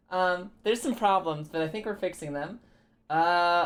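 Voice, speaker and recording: A young woman streamer chatting casually and congested, rambling, swearing freely and breaking into high laughs. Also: normal speed. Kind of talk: casual live-stream chat.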